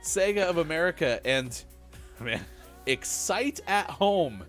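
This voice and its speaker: A man's voice: a little high, big pitch swings, takes it slowly, fairly bright tone, faint music behind. A man hosting a gaming morning show, reading birthdays and history with jokes. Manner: joking, reads from a rundown. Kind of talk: casual radio chat.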